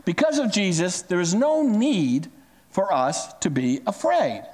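A man's voice: measured pace, long reverb tail. A man preaching a sermon as pastor, telling stories with big swings in his voice. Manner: animated storytelling with big pitch swings.

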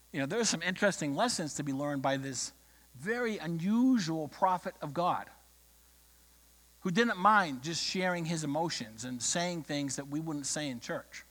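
Impassioned preacher in a reverberant hall. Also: male voice, a little high. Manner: impassioned storytelling, swings from loud declarations to hushed words. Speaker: pastor. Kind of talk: sermon.

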